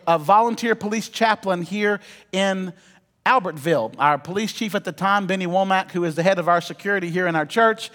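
A man's voice: high voice, fairly bright tone. A man preaching a sermon, telling stories with humorous asides to the congregation. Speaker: pastor. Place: church sanctuary. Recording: long reverb of a church hall.

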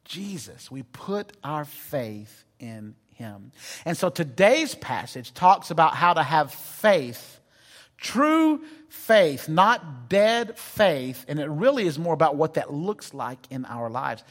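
A man's voice: fairly high pitch, expressive, unhurried, a bit bright. A man preaching a sermon as a pastor, telling a personal story with self-deprecating humor before turning to scripture. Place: church sanctuary. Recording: long reverb of a large hall.

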